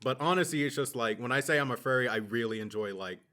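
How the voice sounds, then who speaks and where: A man's voice: mid-range voice, fast, sharp tone. A young man co-hosting a podcast in casual chat, trading crude jokes and laughing often. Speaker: podcast co-host.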